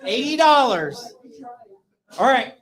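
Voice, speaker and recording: High-voiced man auctioning in an echoey crowd. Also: big pitch swings, slow, a bit bright. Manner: playful, prodding bidders. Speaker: fundraiser auctioneer. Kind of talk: rally fundraising auction. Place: brewery rally.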